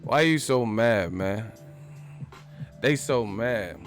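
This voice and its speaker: A man's voice: fairly low pitch, expressive, slow pace, pauses often, soft background music. A man hosting a boxing vlog, who talks in a brash, slangy and profane way. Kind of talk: casual, brash commentary.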